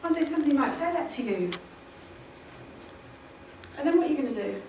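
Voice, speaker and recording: Heard from far away in an echoey, noisy conference hall, a motivational speaker on stage presses her points emphatically, repeating them and laughing a lot. Her high-pitched voice is expressive and slightly dark in tone, moving a little fast.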